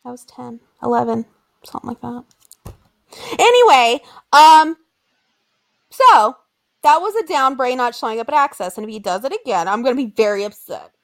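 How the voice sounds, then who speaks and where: A young woman co-hosting a casual chat, telling animated stories and acting out quotes in exaggerated voices. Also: fairly high pitch, normal speed, pauses often. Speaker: podcast co-host.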